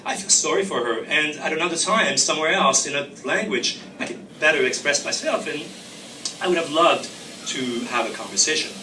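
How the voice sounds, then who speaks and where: Male author reading aloud, wry, bright tone, roomy room, distant mic. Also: a little high, expressive, fairly quick, a little hiss or hum. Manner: wry, reflective, first-person narration. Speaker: author reading his fiction. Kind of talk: live literary reading. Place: reading venue.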